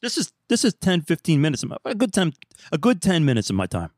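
Animated storytelling man, dry close sound. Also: fairly high pitch, fast talker, no room sound. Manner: animated, acts out dialogue, laughs often. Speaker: podcast host. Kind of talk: casual storytelling.

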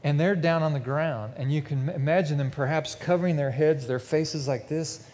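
A man preaching with vivid, emphatic storytelling, his voice sitting a little high for a man. The sound carries a long reverb from a big church hall with a mezzanine. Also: moderate pace, darkish tone. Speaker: pastor. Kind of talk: sermon.

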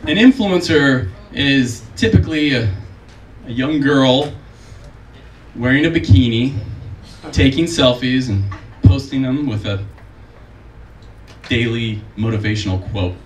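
A man's voice: measured pace, pauses often. Man in his forties doing stand-up, distant. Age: 40s. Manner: self-deprecating, deadpan delivery with high put-on voices for quoted people. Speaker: stand-up comedian. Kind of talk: stand-up comedy set. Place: comedy club stage with live audience. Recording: roomy, distant mic, crowd audible.

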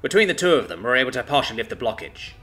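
A man's voice: medium pitch, sing-song, rapid-fire, fairly bright tone, soft background music. A man narrating a sci-fi story in a dramatic, scripted storytelling style.

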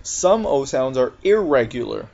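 A man gives an English pronunciation lesson at a very unhurried pace, stretching out each example word with care. The recording sounds a little dull and lo-fi. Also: medium pitch, sing-song, creaky, darkish tone. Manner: slow, deliberate, drawn-out example words. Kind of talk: recorded video lecture.

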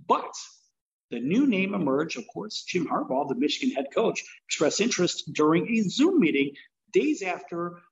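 Ranting sports radio host, lively pitch. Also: male voice, normal speed, gravelly. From lives in Las Vegas. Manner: blunt, ranting, sarcastic. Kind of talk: opinionated sports radio monologue. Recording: dull lo-fi audio.

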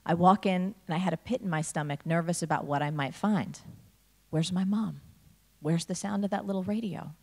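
A woman's voice: lowish voice, normal speed. A woman from New Jersey giving a motivational talk to a school audience, telling stories and acting out the dialogue. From New Jersey, USA. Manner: animated storyteller, acts out dialogue. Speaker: speaker addressing a school audience. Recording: long reverb of a large hall.

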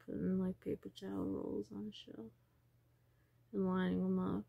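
Husky woman rambling in a dry room. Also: mid-range voice, flat delivery, normal speed, no room sound, phone-quality sound. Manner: wandering, trails off and drops into whispers. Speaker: vlogger. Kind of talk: rambling personal vlog.

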